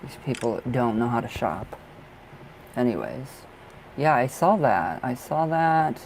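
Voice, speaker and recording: A young man chatting through a casual live tarot stream from a dark room at home, apologizing often, trailing off, and laughing to himself. His voice sits at an ordinary pitch, and a faint noise stays under everything. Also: animated, a little slow, poor audio. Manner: chatty, easily distracted, frequent apologies and laughs. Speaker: livestream tarot reader.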